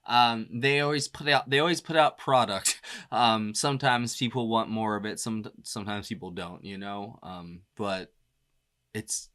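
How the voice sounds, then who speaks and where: A man hosting a reaction video chats in an easygoing, rambling way, dropping fillers and quick laughs. His voice sits at a middling pitch with a bright, pushed tone. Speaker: music reaction host. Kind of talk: casual reaction commentary.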